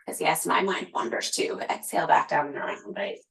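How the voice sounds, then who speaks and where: A woman with a low, somewhat fast, creaky, slightly bright voice teaches a yoga class in an echoey room. As the instructor, she calls out poses and breath cues, adding chatty, laughing asides.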